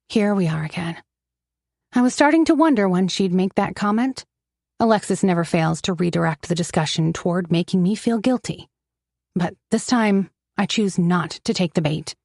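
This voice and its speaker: A woman narrating a romance audiobook in the first person, with steady, wry storytelling on a close mic. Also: fairly low pitch, moderate pace, no room sound.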